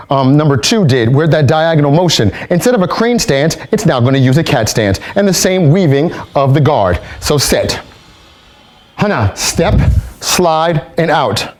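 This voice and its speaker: A man instructing kung fu movement drills, explaining steps calmly and barking out counts while demonstrating. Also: fairly high pitch, moderate pace.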